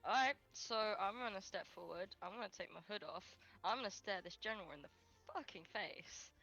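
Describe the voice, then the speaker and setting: A woman playing a tabletop role-playing game, declaring her character's moves in quick, defiant bursts. Her voice is bright and sharp, but it comes through dull lo-fi stream audio, with faint music underneath. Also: mid-range voice, expressive, creaky. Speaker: player.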